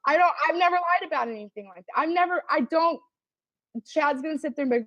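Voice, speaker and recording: A woman's voice: sits high, expressive, fast, no echo, lo-fi sound. A woman defending herself in a heated casual argument over voice chat, swearing constantly and sounding exasperated. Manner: defensive, profane, exasperated ranting. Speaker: livestream participant.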